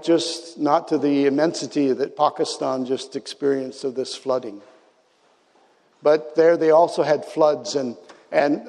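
A man's voice: fairly high pitch, a little mellow, big-room sound. A man preaching a sermon as a pastor, telling stories in a reflective way and dropping to near-whispers for emphasis.

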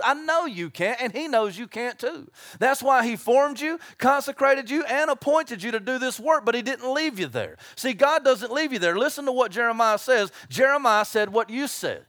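A man preaching a sermon, telling stories with acted-out voices and lively delivery. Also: very high voice, moderate pace, no echo, studio quality. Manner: animated storytelling with acted-out voices.

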